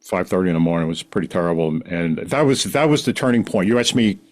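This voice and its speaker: A middle-aged man tells his story on a podcast in a somewhat low voice. He talks in animated bursts, backing up and restarting his sentences as he goes. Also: fast. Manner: rambling, animated, frequent restarts. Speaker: guest. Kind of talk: casual storytelling.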